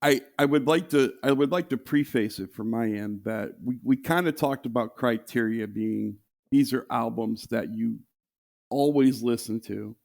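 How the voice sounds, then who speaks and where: A man in a casual podcast chat who talks in halting starts, repeating words and laughing easily. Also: mid-range voice, gravelly, darkish tone. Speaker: podcast guest.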